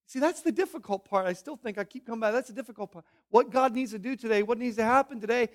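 A man with a notably high speaking voice preaches a sermon from the pulpit. He swings between loud, pressing emphasis and hushed asides, sometimes drifting away from the mic. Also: fast talker. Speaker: pastor.

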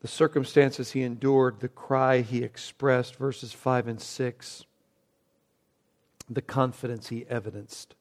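A man preaching a Bible sermon, dropping to a hushed, reverent tone and then rising into emphatic, repeated phrases. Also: medium pitch, little pitch movement, slow pace. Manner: swings between hushed reverent passages and raised emphatic bursts; repeats words when building a point. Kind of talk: expository sermon.

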